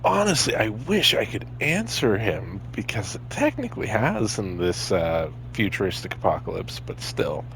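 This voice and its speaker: A man's voice: wildly swooping pitch, normal speed, vocal fry, hardly any pauses, fairly bright tone, slight background noise. A man giving casual, joking commentary while playing a video game. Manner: joking and chatty, jumping into high tones. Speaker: gameplay commentator.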